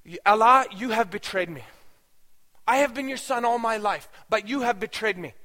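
A man's voice: high-pitched, moderate pace, sharp tone, long reverb tail, pitched above the performer's own voice. A man voicing a young man who pleads with and accuses God, insistent and raw. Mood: anguished demanding.

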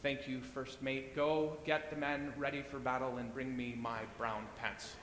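A man voicing a wise old sea captain who speaks calmly and slowly. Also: lightly acted. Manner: calm, slow and measured. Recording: echoey hall with faint rumble.

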